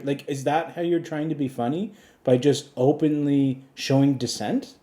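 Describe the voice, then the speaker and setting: A man's voice: on the high side, steady tone, normal speed, dark tone. A man hosting a comedy podcast, chatting with a voice assistant in a dry, insistent, lecturing way. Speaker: podcast host.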